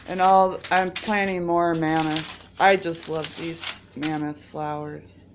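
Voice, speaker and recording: A woman's voice: deep voice, little pitch movement, slow, noisy background. A woman gardening vlogger sounding stuffy and congested, chatting in a rambling, self-interrupting way outdoors in her garden. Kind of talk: casual chat.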